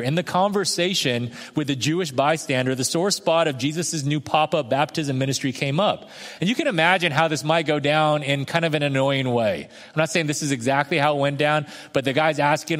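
Conversational male preacher in a reverberant hall. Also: fairly high pitch. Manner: conversational, acts out quoted voices, slows for emphasis. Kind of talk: sermon.

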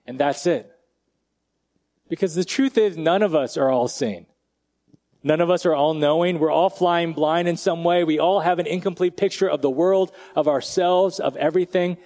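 Male pastor, conversational sermon, slightly higher voice, relaxed and direct, quiet slow emphasis on key lines.

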